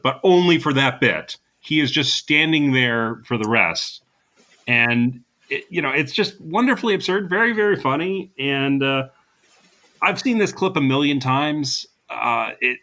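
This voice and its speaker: A man's voice: medium pitch, pushed and bright. A man co-hosting a casual podcast, chatting with plenty of fillers and easy laughs. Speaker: podcast co-host.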